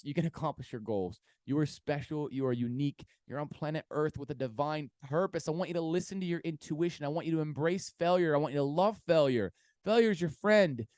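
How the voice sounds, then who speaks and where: A man hosting his own podcast, talking casually and rambling with many fillers, swearing and bursting into excited pep talk. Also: a little high, fast, few pauses, no room sound, clean studio sound. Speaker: podcast host.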